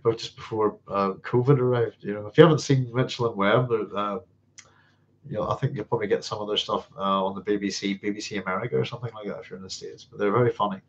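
A man hosting a live science fiction Q&A, chatting casually and rambling, with many fillers and restarts and frequent chuckles. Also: on the low side. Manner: chuckles often. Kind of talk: casual livestream chat answering viewer questions. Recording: dull lo-fi sound.

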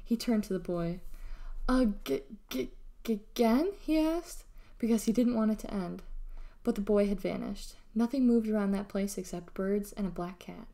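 A woman reading a children's novel aloud with steady, expressive storytelling. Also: mid-range voice, brisk, creaky. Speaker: reader.

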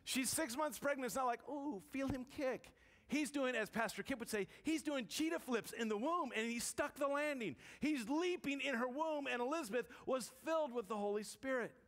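A woman's voice: high-pitched, fairly quick, few pauses. Woman pastor, chatty sermon delivery, quips and asks the room questions; reverberant sanctuary sound. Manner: conversational, joking, questions the congregation. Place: church sanctuary. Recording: long church reverb.

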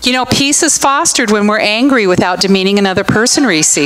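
A woman's voice: mid-range voice, brisk, fairly bright tone, rough recording. A middle-aged woman pastor giving a conversational sermon, telling stories and asking the congregation questions. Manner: chatty, storytelling, asks the room questions.

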